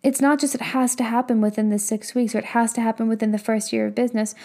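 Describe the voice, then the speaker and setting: Young woman coach, fairly high, mellow voice, casual and emphatic motivational delivery with rhetorical questions. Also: little pitch movement, fast. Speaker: business and mindset coach. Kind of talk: motivational talk.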